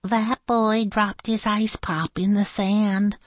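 A woman's voice: mid-range voice, slow, no room sound, voice pushed up. A woman voicing a literal-minded young princess. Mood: matter-of-fact. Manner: flat, stating the obvious.

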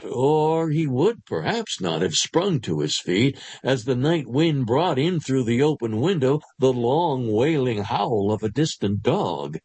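A man narrating a literary short story aloud in an expressive storytelling manner. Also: medium pitch, breathy edge, no echo.

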